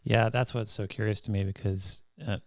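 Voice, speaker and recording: Low gravelly man hosting. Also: fairly even intonation, normal speed, no echo, studio quality. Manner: soft-spoken, rambling questions with restarts. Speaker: podcast host. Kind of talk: interview questions.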